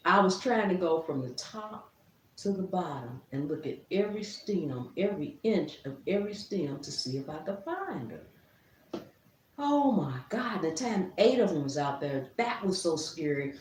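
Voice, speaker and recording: Middle-aged woman, lively swinging pitch, laughs a lot, casual storytelling, roomy and a little distant. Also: normal speed, a little hiss or hum. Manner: laughs often, animated storyteller. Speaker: gardening vlogger.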